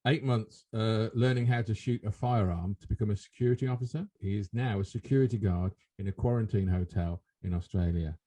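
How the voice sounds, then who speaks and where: Husky indignant British man chatting. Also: lowish voice, a little fast, few pauses, warm tone. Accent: British English. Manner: indignant, talks over with rhetorical questions. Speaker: podcast co-host. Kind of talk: casual chat.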